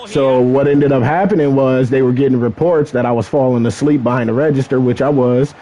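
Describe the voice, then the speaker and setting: A man's voice: mid-range voice, fairly even intonation, brisk, mellow, poor audio. A young man co-hosting a podcast, telling laid-back, swear-heavy stories and laughing often. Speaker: podcast co-host. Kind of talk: casual chat.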